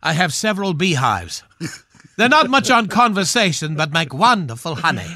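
A man playing a pompous, knighted swashbuckling film star of a certain age, speaking in a grand, drawn-out theatrical manner on a radio comedy bit. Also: fairly high pitch, big pitch swings, bright, forceful tone, no echo, full character voice. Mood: droll grandiose.

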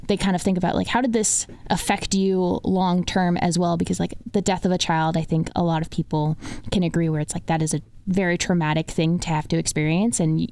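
Flat, gravelly young woman med student. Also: fairly low pitch, a little fast, no echo. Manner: rambling, many "like" fillers. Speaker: medical student co-host. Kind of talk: casual chat.

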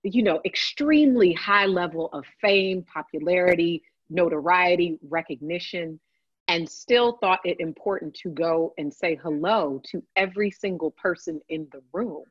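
A woman telling a lively story in casual chat, swearing freely and adding chatty asides. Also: lowish voice, normal speed, slightly rough, no room sound, highs cut off. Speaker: podcast guest, works on a TV set.

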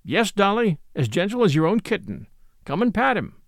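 Kind cab driver, man reading, friendly, firm, gravelly voice, storybook. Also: high-pitched, sing-song, moderate pace, dry recording, clean studio sound. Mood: cheery. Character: kind cheery male cab driver, decided.

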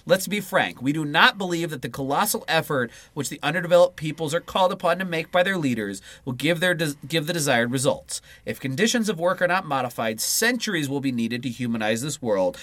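A man co-hosts a podcast, reading a political text aloud in a fairly high, slightly bright voice. He swears freely and keeps breaking off mid-reading into casual, profane asides.

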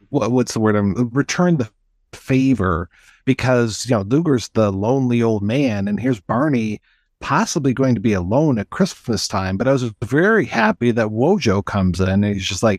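A man's voice: fairly low pitch, dry recording, clean studio sound. A man co-hosting a casual podcast discussion, chatty, who sometimes searches for words and acts out quotes. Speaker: podcast co-host.

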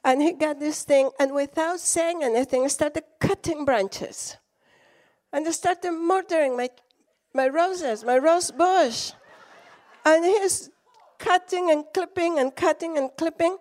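High-voiced Latina woman preaching. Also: measured pace. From Latin America. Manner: animated storytelling, acts out quotes, laughs often. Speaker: guest preacher. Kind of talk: sermon with storytelling.

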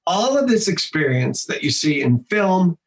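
Animated high-voiced man talking shop. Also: poor audio. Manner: animated, swears freely, slips into quick voices. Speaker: voice actor and improv teacher. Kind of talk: casual podcast interview.

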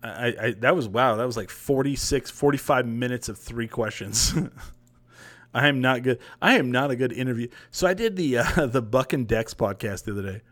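On his podcast livestream, a young man talks at normal speed in a medium-pitched voice. He drifts through a long anecdote, profane and relaxed, bringing energy to the retelling.

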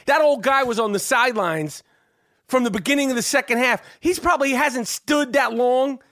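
A man hosting a podcast, talking sports in a profane, rambling, excitable way. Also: very high voice, normal speed, dry recording, clean studio sound. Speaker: podcast host. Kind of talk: casual sports chat.

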